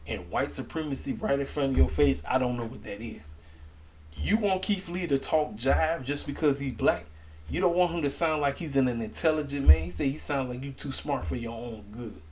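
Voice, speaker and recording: Animated slangy man reviewing wrestling. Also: medium pitch. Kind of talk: casual opinionated commentary to camera.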